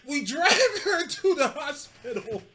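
A man's voice: very high voice, lively intonation, a little slow, a loud crowd. A podcast co-host man telling stories in casual chat, laughing often and acting out quotes. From California.

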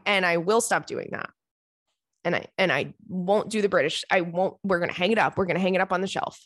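A woman hosting a podcast, telling funny stories in a chatty, animated, self-mocking way. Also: lowish voice, brisk, no room sound, studio quality. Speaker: podcast host. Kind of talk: casual comedic storytelling.

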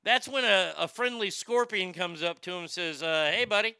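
A man with a high, very bright and clear voice, ranting with sarcastic disbelief. He trips over his words and repeats himself as he builds his point. It is a comedic monologue for a show. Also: expressive, normal speed, no echo. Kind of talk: comedic rant.

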